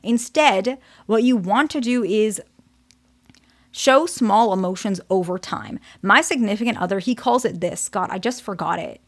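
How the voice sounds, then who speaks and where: A woman's voice: medium pitch, a little slow. A woman therapist giving a casual, direct teaching talk, often checking in with "okay?".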